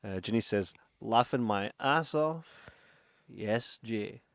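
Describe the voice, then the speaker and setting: A man's voice: on the low side, takes it slowly, no room sound, studio quality. A young man co-hosting a film-review podcast, joking and bantering in casual chat and reading out listener comments. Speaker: podcast co-host.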